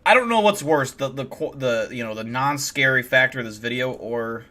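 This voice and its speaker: A man's voice: medium pitch, lively intonation, normal speed, pushed and bright. A man hosting a live stream, reacting to a video in a ranting, profane, incredulous way. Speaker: streamer host.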